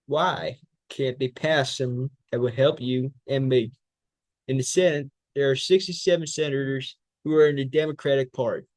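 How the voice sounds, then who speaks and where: A man's voice: mid-range voice, darkish tone, no room sound. Man reciting a fiery political speech. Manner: fiery oratory with rhetorical questions and repetition. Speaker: public speaking student. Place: speech training class.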